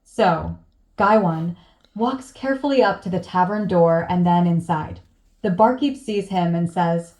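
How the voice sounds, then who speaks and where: A woman narrating a bar joke in a steady storytelling manner. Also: fairly low pitch, measured pace. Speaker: joke teller.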